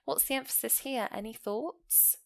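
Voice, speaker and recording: Woman teacher, clear explanatory delivery, walks through grammar examples and quizzes the listener. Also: sits high, moderate pace. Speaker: English teacher. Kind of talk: online grammar lesson.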